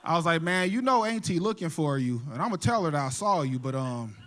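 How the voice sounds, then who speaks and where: This stand-up comic, voice high and bright, spins profane, easygoing stories at normal speed and in a very animated way, chuckling between punchlines. A handheld mic carries him across a theater stage to the live crowd.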